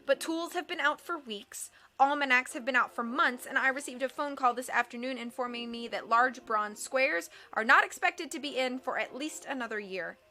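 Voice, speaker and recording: A woman's voice: high-pitched, normal speed, hardly any pauses, pushed and bright. A woman reading aloud and voicing a vain, bossy rich woman obsessed with what is fashionable, in a haughty, dismissive way. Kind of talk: audiobook character voice.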